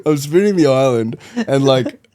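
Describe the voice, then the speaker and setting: A man's voice: medium pitch, normal speed. A man, a podcast guest, telling a story in casual chat, acting out the quotes and laughing often. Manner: animated, acts out quotes in voices, laughs often.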